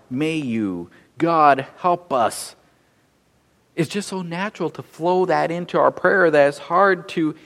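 A pastor preaching a measured sermon, often repeating words as he restarts phrases. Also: fairly high pitch, in a large hall. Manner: measured, frequent word repetitions.

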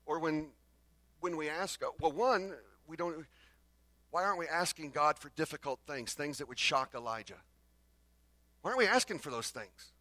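A man preaching a sermon as pastor, swinging between loud bursts and hushed lines and acting out the exchanges between the prophets. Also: a little high, lively intonation, normal speed, no room sound. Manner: acts out the exchanges between the prophets in their own voices.

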